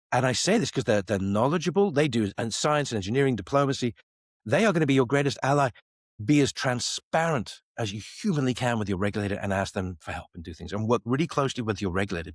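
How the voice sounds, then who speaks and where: In a dry, clean studio recording, a middle-aged man from the Isle of Man with a mid-range voice tells animated stories as a podcast guest. He's a space company CEO and acts out the dialogue of the people he quotes.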